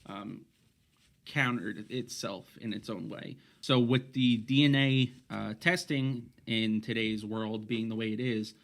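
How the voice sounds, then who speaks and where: A man's voice: lowish voice, fairly even intonation, slow pace, creaky. A man co-hosting a casual podcast, rambling through his points with many restarts and fillers. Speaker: podcast co-host.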